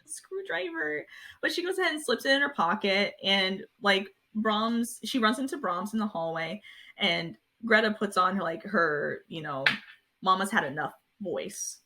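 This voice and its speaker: Female podcast co-host, casual, quick jokey asides. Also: mid-range voice, expressive, sharp tone. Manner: joking asides, laughs easily. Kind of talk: casual movie recap chat.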